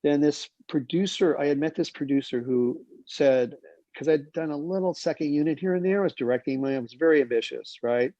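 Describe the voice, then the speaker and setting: A man's voice: on the high side, brisk, warm tone, no room sound. A man in his sixties, a film director, telling rambling career anecdotes and acting out the quoted dialogue. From United States. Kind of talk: casual anecdotal storytelling. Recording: dull lo-fi sound.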